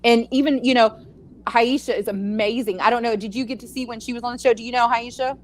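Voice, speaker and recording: A woman's voice: on the high side, fairly even intonation, fast. A middle-aged grandmother with a Texas accent, co-hosting a casual talk show and chatting in a rambling, easygoing way. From California. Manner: chatty, rambling, laughs easily. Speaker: podcast co-host. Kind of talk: casual chat.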